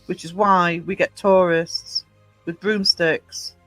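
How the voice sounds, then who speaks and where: A woman from Northumberland with a soft Northumbrian English accent, chatting casually as a podcast co-host, blunt and quick to swear. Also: fairly low pitch, steady tone, no echo, faint music behind, rough recording. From Northumberland, England. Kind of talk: casual chat.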